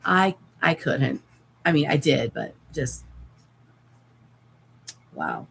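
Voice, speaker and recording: A woman's voice: very deep voice, huge pitch swings, very slow, vocal fry, fairly bright tone, slight background noise, rough recording. A woman chatting casually on a live stream while sewing, rambling and swearing lightly, her voice cracking and giving out. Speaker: crafting livestreamer.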